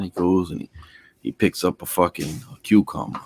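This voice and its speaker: A man's voice: deep voice, brisk, a bit bright. A man in casual chat, telling a long profane joke in a rambling way.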